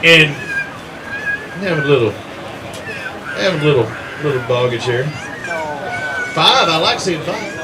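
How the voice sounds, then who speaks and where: Speaking a little slowly with long pauses, a 60-something man with a slightly high, animated voice hosts the weigh-in at an outdoor fishing tournament. He ribs the competitors as he reads out names and weights, and the background is noisy with a chattering crowd.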